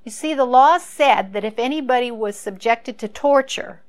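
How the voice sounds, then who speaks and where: A woman's voice: fairly high pitch, normal speed. A woman teaching a Bible story in a conversational way, musing aloud and asking rhetorical questions.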